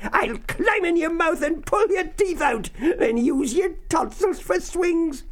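A man voicing a feisty little old granny mouse with a quaky squeak, drawn-out and sing-song, in a storybook. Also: expressive, exaggerated voice. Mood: taunting. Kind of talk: storybook narration.

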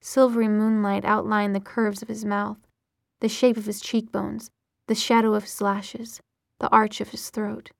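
A woman narrating an audiobook in a steady, expressive reading voice. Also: medium pitch, moderate pace, creaky, no room sound, clean studio sound.

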